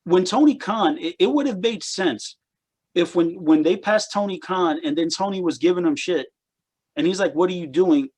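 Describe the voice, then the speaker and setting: A man's voice: high-pitched, normal speed, darkish tone, breathy edge. A man co-hosting a casual wrestling chat podcast, rambling and repeating words as he picks apart what he watched. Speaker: podcast co-host.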